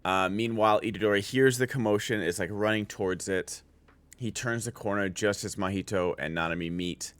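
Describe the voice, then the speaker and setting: Man, streamer, casual anime review, lowish voice, dry close sound, rambling with lots of fillers. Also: fairly quick, fairly bright tone, no echo. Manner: rambling, full of filler likes and restarts.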